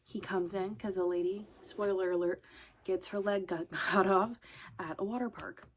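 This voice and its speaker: A woman's voice: medium pitch, steady tone, normal speed, a little hiss or hum. A woman rambling casually in a vlog, chatty and swearing, often breaking into laughter. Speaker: vlogger.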